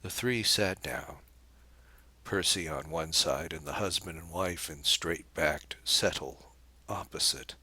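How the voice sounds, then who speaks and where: Low, unhurried male audiobook narrator. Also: pushed and bright, no echo. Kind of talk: scripted narration of a novel.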